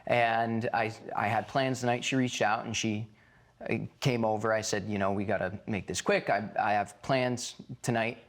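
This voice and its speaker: A man testifying as the plaintiff in a courtroom, recounting events haltingly with frequent fillers. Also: lowish voice, steady tone. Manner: halting storytelling with many fillers. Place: courtroom set.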